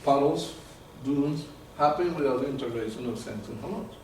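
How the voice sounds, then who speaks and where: A man giving a live talk to an audience, animated and often repeating words as he searches for terms. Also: medium pitch, normal speed, a little hiss or hum. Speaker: presenter. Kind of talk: live lecture with audience questions. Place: meeting room with an audience. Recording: very echoey room from far off.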